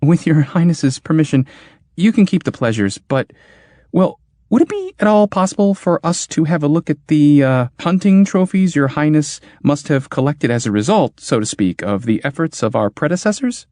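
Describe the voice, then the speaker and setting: A man's voice: on the high side, very animated, normal speed, mellow, no room sound, voice pushed up. A nervous, timid inventor who stammers in a weak, raised voice, put on by a man. He hesitates and trips over his words. The sound is dry and close, like a storybook reading.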